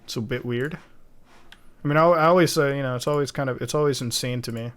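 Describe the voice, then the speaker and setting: A man's voice: mid-range voice, fast talker, fairly bright tone, smooth. A young man streaming from home while editing video, chatting casually and rambling with lots of swearing and laughing asides.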